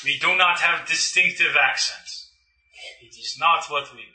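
A man's voice: on the high side, moderate pace. Joking crude man in an echoey room. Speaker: player. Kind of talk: casual tabletop game chat. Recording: echoey room, mic far off, loud kitchen clatter.

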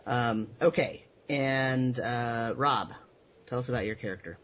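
Dude running a d&d game, relaxed, ums and uhs, mid pitch, faint hiss behind. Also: male voice, measured pace, highs cut off. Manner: relaxed, explaining rules with fillers. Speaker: dungeon master. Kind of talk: casual tabletop game talk.

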